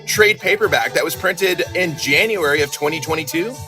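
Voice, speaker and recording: A man's voice: fairly high pitch, normal speed, music in the background, poor audio. A man hosting a live comic giveaway stream, chatty and upbeat. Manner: upbeat, chatty, joking banter. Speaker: livestream host. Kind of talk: casual livestream chat.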